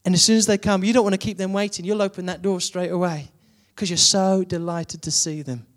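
A man's voice: sits high, fairly even intonation, a little fast. A man preaching a sermon, building to emphatic repeated questions.

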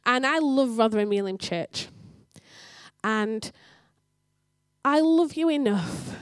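A woman giving a sermon in church, telling a story and acting out the dialogue with lively energy. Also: fairly high pitch, slow pace, clean tone, dry recording, clean studio sound. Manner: animated storytelling, acts out dialogue. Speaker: church speaker.

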